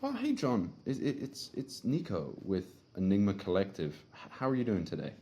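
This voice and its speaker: A man's voice: on the low side, huge pitch swings, moderate pace, warm tone, voice pushed up. A man voicing a confused, flustered male phone caller who stammers as he searches for the right name.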